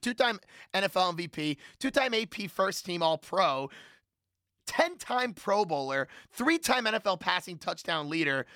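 Emphatic sports panelist, bright voice. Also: male voice, sits high, no echo, studio quality. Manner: emphatic, repetitive, argumentative. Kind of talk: heated sports debate.

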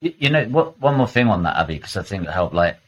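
A man's voice: sits low, big pitch swings, fast, muffled recording, a little hiss or hum. A man talking as a podcast guest, emphatic and fired up, swearing freely. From United Kingdom. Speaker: podcast guest, property investor. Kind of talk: casual podcast chat.

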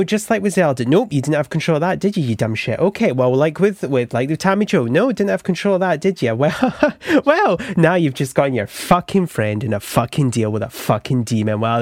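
A man's voice: fairly high pitch, darkish tone, dry recording. A man playing a stammering, panicked thief. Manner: stammering, swearing, berating himself. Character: Eric, an insecure young man, a self-loathing thief.

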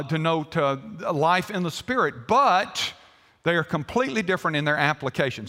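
Male pastor, animated storyteller, bright and forceful tone, echoing through a big sanctuary. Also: sits high. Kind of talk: sermon.

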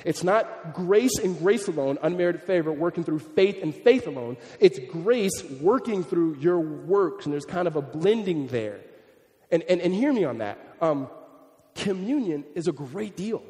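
A man preaching a sermon as a pastor, animated and conversational, often restarting his sentences. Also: on the high side, unhurried, long reverb tail.

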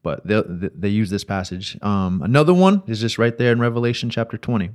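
Low-voiced man explaining scripture. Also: a little fast, a little mellow. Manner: explains patiently, reads scripture aloud, many fillers. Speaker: podcast co-host. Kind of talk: casual theological discussion.

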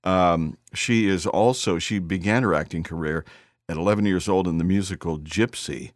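Deep-voiced man hosting a podcast. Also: normal speed, no room sound, clean studio sound. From northern US, Great Lakes area. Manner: chatty, hesitant with many uh fillers. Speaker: podcast host. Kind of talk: casual interview chat. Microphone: studio microphone.

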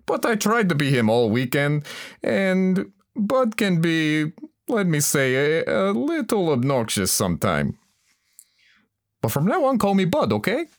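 A man's voice: fairly high pitch, very animated, a little slow. An actor playing a brash man who speaks broken English, dropping articles, and insists on a swaggering Texan persona. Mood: insistent. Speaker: comedy sketch character. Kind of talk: comedic sketch acting.

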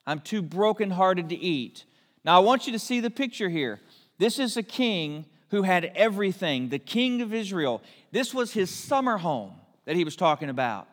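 A man preaching a sermon, telling a Bible story with lively asides and briefly acting out the characters. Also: sits high, moderate pace. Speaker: pastor. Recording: long hall reverb.

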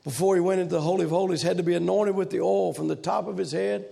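A revival preacher with an unusually high, gravel-heavy voice moves at a quick pace with fairly even intonation. Even so, he breaks into loud shouted runs with a driving cadence.

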